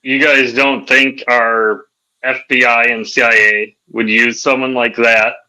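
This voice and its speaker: Bright-voiced podcast host. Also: male voice, mid-range voice, flat delivery, a little slow, low-quality recording. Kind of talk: casual chat.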